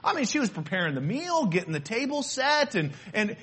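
A man preaching a sermon in an emphatic, animated way, repeating his key phrases. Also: high-pitched, a little fast, few pauses, slightly rough.

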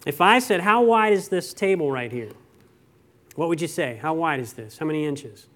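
A man's voice: a little high, animated, normal speed, a bit bright. A man preaching a sermon, reading scripture and then talking conversationally to the congregation with rhetorical questions and stories.

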